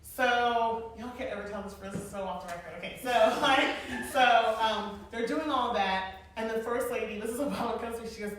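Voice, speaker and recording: A woman in her forties telling stories to an audience in a casual, animated way, laughing often and using many fillers. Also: fairly high pitch, normal speed, hardly any pauses. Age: 40s. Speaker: guest speaker, former event planner. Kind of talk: casual storytelling talk to an audience. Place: large echoey hall. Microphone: far from the mic. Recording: echoey hall, distant mic, faint noise.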